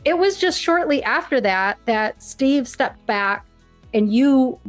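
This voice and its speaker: A woman with a high voice co-hosts a podcast. She chats in an excitable, gushing way. Faint music sits in the background. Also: slow pace. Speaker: podcast co-host. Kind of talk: casual podcast chat.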